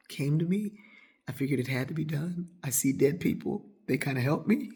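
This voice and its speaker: Brief: woman storyteller, husky gravelly voice, animated, plays her friends' voices. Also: a little fast. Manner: animated, acts out friends' voices with whispers and high squeals. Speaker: storyteller host. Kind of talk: casual storytelling.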